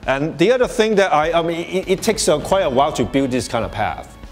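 A man's voice: fairly high pitch, sing-song, fairly quick, soft background music. A man presenting at a live workshop to an audience, speaking conversationally with many restarts and "you know"s, and chuckling often as he explains. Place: workshop space before an audience.

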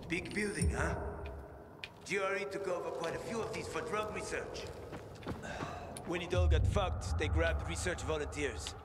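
A man's voice: fairly high pitch, normal speed, long pauses, natural voice. An actor playing a wary adult male survivor in a video game, talking bluntly with casual swearing. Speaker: game companion character. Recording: echoey long reverb under loud game noise.

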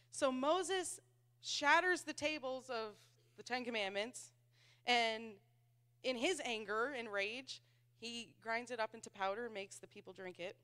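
A woman's voice: high-pitched, unhurried, fairly bright tone. A married woman giving a church Bible teaching in a conversational way, laughing at herself and acting out the voices she quotes. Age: adult, married.

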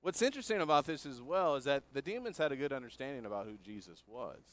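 A man's voice: medium pitch, animated, quick pace, fairly bright tone. Earnest man preaching a sermon. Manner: earnest, explanatory, asks listeners questions.

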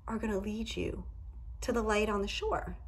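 Husky-voiced woman giving a candid tarot reading. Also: medium pitch, fairly even intonation, normal speed. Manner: candid and profane, with emphatic asides. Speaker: tarot reader. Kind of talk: casual tarot reading to camera. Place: indoors at home.

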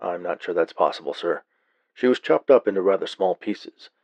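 Deadpan cop, read by a man, low husky voice, flat and unbothered. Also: moderate pace, no room sound, lo-fi sound, heavily acted. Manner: flat, matter-of-fact. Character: calm deadpan male police officer.

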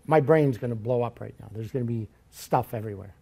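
A man preaching a sermon in a church, telling Bible stories in a lively, joking way. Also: mid-range voice, brisk, creaky, slightly rough.

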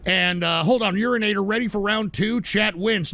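A man hosts a live stream in a high, raspy-edged voice with a sharp, tense bite. He reads the chat and rants in a profane, irritable way, veering from low grumbles to loud outbursts. The sound is close and dry. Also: expressive, normal speed, few pauses, no room sound. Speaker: livestream host.

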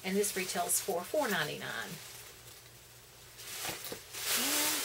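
A chatty middle-aged woman talks through her shopping finds at home, rambling easily with plenty of fillers. Her voice sits at an ordinary middle pitch. A clear, steady hiss runs under the home video recording. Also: moderate pace. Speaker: vlogger. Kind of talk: casual shopping haul chat.

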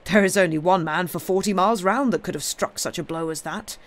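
An outspoken village cobbler insists on his view, bluntly and without patience. A woman puts him on while reading a story aloud. He sounds forceful and sure. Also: lowish voice, brisk, lightly acted. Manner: obstinate, blunt.

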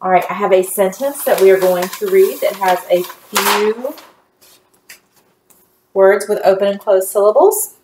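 A woman's voice: medium pitch, a little slow, noisy background. A woman teacher giving a phonics lesson to young children, guiding them patiently step by step. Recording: echoey room.

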